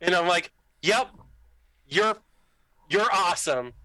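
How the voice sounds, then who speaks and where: A young man telling a story in casual chat, animated, acting out the dialogue with lots of "like" fillers. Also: sits high, slow pace, no room sound, low-quality recording. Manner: animated, acts out quoted dialogue, many "like" fillers. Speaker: podcast guest telling a story.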